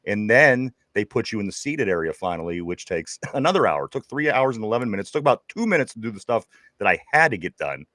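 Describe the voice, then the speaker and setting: A man's voice: on the low side, very animated, fast talker, few pauses, a bit bright, dry recording, studio quality. A man with a Pittsburgh accent, co-hosting a casual sports podcast and telling a rambling story, stammering and repeating his words. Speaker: podcast co-host.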